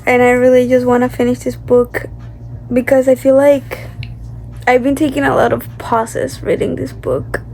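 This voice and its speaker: A young woman with a fairly high voice chatting casually to her phone camera at home, rambling and excitable yet drowsy from tiredness. A faint hiss of background noise sits under her voice. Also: moderate pace. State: sleepy and tired. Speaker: book vlogger. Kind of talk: casual vlog update.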